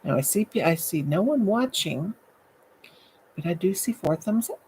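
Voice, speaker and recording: A woman's voice: on the low side, expressive, unhurried, long pauses, dark tone, a little hiss or hum, poor audio. An older woman hosting a late-night live stream from home, chatty and goofy, greeting viewers by name into her laptop. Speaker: livestream host. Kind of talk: casual live chat with viewers.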